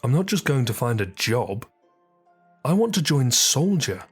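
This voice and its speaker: A man's voice: medium pitch, sing-song, normal speed, slightly rough, soft background music. Man playing a proud, awkward teenage boy. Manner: earnest, stammering when flustered.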